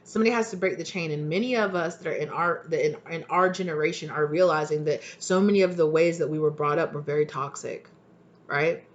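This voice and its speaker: A young woman with a somewhat low-pitched voice vents on camera. Her talk is heated and passionate, sprinkled with swearing, in the loose style of a tarot reader's casual vlog. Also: a little fast, highs cut off.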